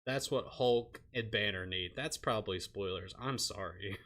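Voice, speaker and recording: A man's voice: on the low side, a little slow. A man chatting casually while he streams a game. He rambles, swears freely and laughs often. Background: loud game music.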